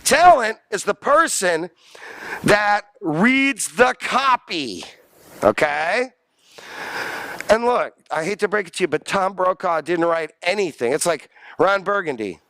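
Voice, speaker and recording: A man's voice: sits high, a little slow, dry recording. A man lecturing a college class, joking and quizzing his students. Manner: animated, jokey, asks the class questions.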